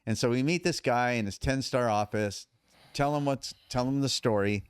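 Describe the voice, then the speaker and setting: A man's voice: mid-range voice, normal speed, clean tone, dry recording, clean studio sound. A middle-aged man, a podcast guest, telling his story emphatically and acting out the dialogue. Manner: emphatic, animated retelling with quoted dialogue. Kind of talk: storytelling in conversation.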